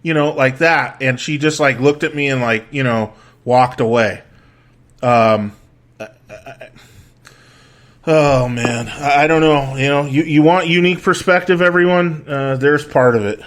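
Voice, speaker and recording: A man's voice: mid-range voice, a little slow, a bit bright. A man hosting a casual chat, telling stories in a rambling, profane way with many restarts and fillers. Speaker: podcast host.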